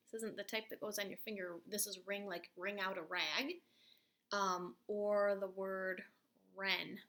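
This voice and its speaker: A woman's voice: mid-range voice, sharp tone. A woman teacher giving a recorded phonics and spelling lesson, patiently spelling out letters and sounds. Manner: patient, slow letter-by-letter explaining.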